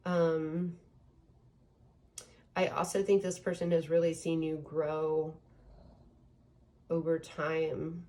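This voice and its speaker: A woman's voice: low voice, flat delivery, slow, long pauses, warm tone. A woman giving a casual tarot reading, talking in a rambling, chatty way full of ums and likes. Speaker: tarot reader.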